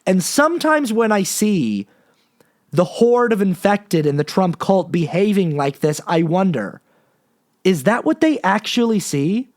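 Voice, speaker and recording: A man's voice: sits high, very animated, unhurried, darkish tone. A man hosting a podcast, delivering an impassioned, profane monologue with frequent restarts. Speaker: podcast host.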